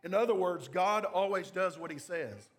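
A man's voice: high-pitched, animated, normal speed. A man pastor preaching an expository sermon, emphatic, stressing key phrases with wry asides.

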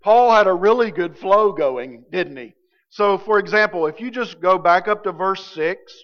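A man preaching a sermon as pastor, animated, swinging from loud emphatic lines to quiet low ones. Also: moderate pace. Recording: dull lo-fi sound with long hall reverb.

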